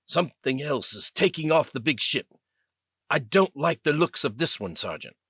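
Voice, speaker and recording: A man's voice: a little high, lively intonation, normal speed, bright, forceful tone, husky, no echo, pitched above the performer's own voice, full character voice. A wary young army specialist, voiced by a man narrating. He speaks with a cautious, slightly raised voice. The audiobook recording is close and dry.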